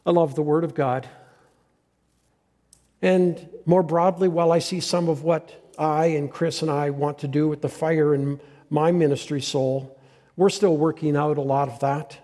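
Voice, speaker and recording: An older man preaching a farewell sermon as the pastor, earnest and halting, with frequent restarts. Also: fairly high pitch, little pitch movement, dark tone, in a large hall.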